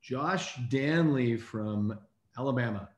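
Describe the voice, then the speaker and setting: A man hosting a casual online call, reading out names in an upbeat, brisk way. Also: medium pitch, roomy sound. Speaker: host.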